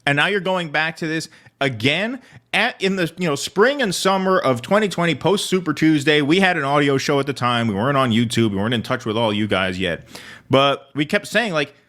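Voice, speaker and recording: A man's voice: on the high side, animated, brisk, a bit bright. A man co-hosting a political podcast who rants in an exasperated, sarcastic way. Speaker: podcast co-host. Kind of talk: political commentary chat.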